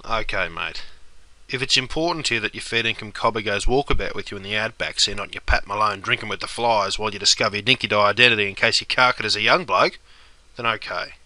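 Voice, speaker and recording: A man's voice: on the low side, quick pace, sharp tone, dry recording, low-quality recording. A young man with an Australian accent playing a laid-back mate full of slang in a comedy sketch. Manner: broad slang-laden banter. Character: laid-back Aussie bloke Bruce, slang-heavy mate.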